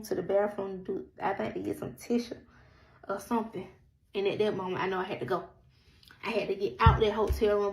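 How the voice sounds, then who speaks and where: Woman, gravelly voice, casual storytime, acts out the quotes. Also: mid-range voice, poor audio. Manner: animated, quotes others, repeats herself.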